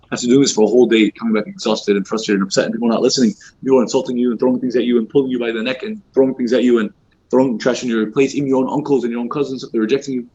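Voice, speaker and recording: A man's voice: mid-range voice, slightly rough. A man giving a casual religious talk to a youth circle in a mosque, informal with many fillers, acting out quoted speech. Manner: fast, informal, many fillers like "you know" and "like"; acts out quoted speech in lively voices. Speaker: youth halaqah teacher. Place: mosque hall. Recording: dull lo-fi recording.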